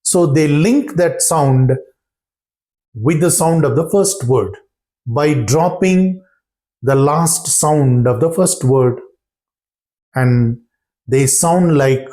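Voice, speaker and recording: A man teaching pronunciation in a slow, deliberate classroom manner, repeating example phrases and checking that listeners follow. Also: a little high, warm tone.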